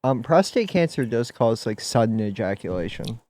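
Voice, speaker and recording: A man in a casual podcast chat who delivers absurd jokes deadpan, often breaking into laughter. His voice sits at a middling pitch and he speaks into a mic on a stand. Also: normal speed, no room sound. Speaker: podcast guest. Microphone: desk mic on stand.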